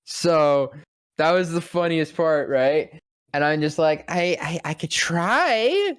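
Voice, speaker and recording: A man's voice: on the high side, fairly even intonation, slow, clean tone, no echo. A man who works as a voice actor tells a casual, rambling story. He swears freely and acts out the lines other people said. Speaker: voice actor guest.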